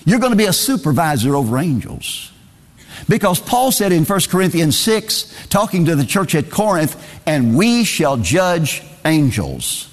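A man's voice: on the high side, big pitch swings, measured pace, big-room sound. A man preaching a sermon, reading scripture aloud in a singsong cadence and repeating phrases for emphasis.

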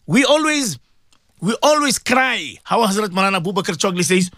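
A South African man delivers an impassioned radio sermon in a high voice that swoops up and down. He presses his points again and again, exhorting his listeners directly. The sound is close and dry. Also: sing-song, normal speed, bright, forceful tone, dry recording. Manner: fervent, repetitive, exhorting. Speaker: religious radio presenter.

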